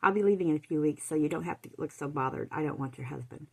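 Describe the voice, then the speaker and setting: A woman reading aloud, voicing a spiteful young woman who taunts in a smooth, mocking tone. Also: low-pitched, fast talker, dark tone, poor audio. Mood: silky.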